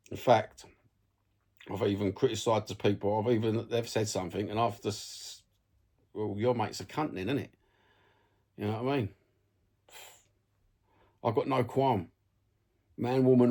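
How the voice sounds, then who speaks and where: A man's voice: lowish voice, a little mellow. A young man with a London accent, ranting bluntly to camera about football content, swearing freely in a conversational way.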